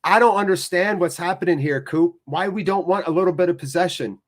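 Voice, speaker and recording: Excitable American man calling a match. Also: sits high, fairly quick. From United States. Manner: excitable, chatty, talks to viewers in chat. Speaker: fan watchalong host. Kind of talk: live watchalong commentary.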